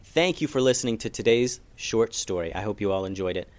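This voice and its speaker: A man telling a children's story with a very lively, sing-song pitch. His voice sits mid-range and gentle, rising and falling expressively as he reads to young listeners. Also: a little fast. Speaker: storyteller, podcast host.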